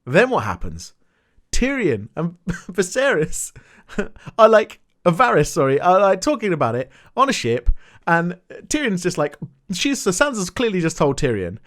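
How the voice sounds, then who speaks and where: Young man, casual vlog recap, animated, swearing, exasperated outbursts. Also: sits high, normal speed. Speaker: TV recap vlogger. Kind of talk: casual episode recap rant.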